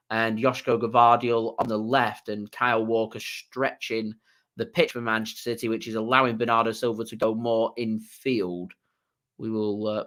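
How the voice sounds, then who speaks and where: A man runs a live fan watchalong, thanking viewers by name and chatting easily. His voice sits at a middle pitch. Now and then he shifts into steady play-by-play match commentary. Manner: chatty, reads out viewer messages, laughs easily. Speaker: fan channel host doing a live watchalong. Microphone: desk microphone.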